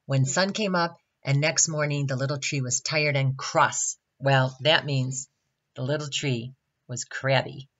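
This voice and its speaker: A woman's voice: a bass voice, fairly even intonation, measured pace, fairly bright tone, dull audio. A woman reading a picture book aloud to children at a Bible camp, stopping often to ask the listener questions. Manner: chatty asides asking the listener questions.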